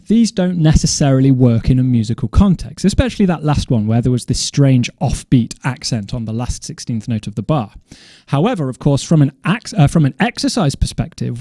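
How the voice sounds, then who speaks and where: A man teaching drum coordination in a measured, methodical way, now and then correcting himself as he explains. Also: medium pitch, warm tone, no room sound, clean studio sound. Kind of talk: instructional explanation.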